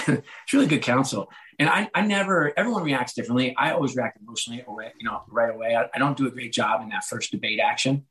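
A hoarse middle-aged man in a casual interview, telling animated stories and acting out the voices of the people in them. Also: mid-range voice, quick pace, rough recording. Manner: animated, acts out quoted voices. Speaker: author and guest.

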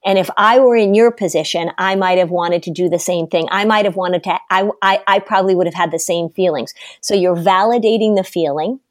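A middle-aged woman talks through parenting advice in an emphatic, lively way. Her voice sits a little low. The sound is dry and close, with no room behind it. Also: a little fast, few pauses, no room sound. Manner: emphatic, advice-giving, animated storytelling. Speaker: parenting expert guest. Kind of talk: podcast conversation.

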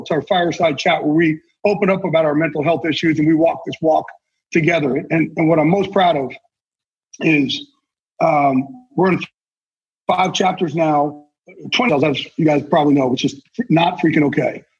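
Guesting on a laid-back podcast, this man, an NFL insider who writes about sports, speaks with earnest intensity and plenty of salty words. His husky, higher-pitched voice holds a steady tone at a moderate pace, captured with dull, lo-fi sound.

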